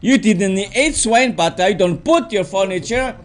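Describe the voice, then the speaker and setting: A man preaches a teaching sermon, his high voice moving slowly and haltingly. He fills gaps with "uh" and repeats key words over and over for emphasis.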